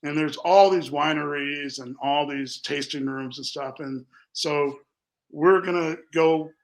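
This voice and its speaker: A man's voice: on the high side, measured pace, low-quality recording. A man from Minnesota, a company founder, telling a rambling story in a casual interview and acting out what people said. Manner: animated, rambling, acts out quotes.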